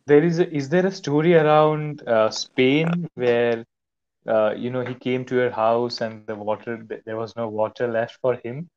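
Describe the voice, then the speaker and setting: A man's voice: mid-range voice, normal speed, darkish tone, highs cut off. A man interviewing a guest, asking questions hesitantly with fillers.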